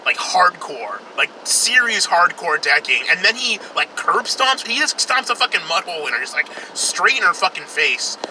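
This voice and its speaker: A man's voice: sits high, sing-song, normal speed, hardly any pauses, noisy background. A young man casually reviewing a film while driving, rambling, profane and sarcastic. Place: in a car, outdoors traffic.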